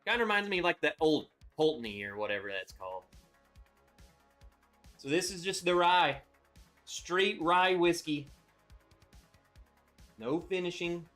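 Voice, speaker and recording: A man's voice: fairly high pitch, lively intonation, measured pace, pauses often, a bit bright, soft background music. A man hosting a casual live stream, chatty and upbeat, greeting viewers by name as he talks. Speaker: livestream host reviewing whiskey.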